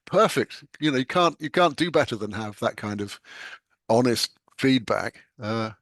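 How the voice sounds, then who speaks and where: Older British man, lively anecdotes. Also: mid-range voice, moderate pace, no room sound, studio quality. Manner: animated storyteller, laughs often. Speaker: guest novelist. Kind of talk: conversational anecdote.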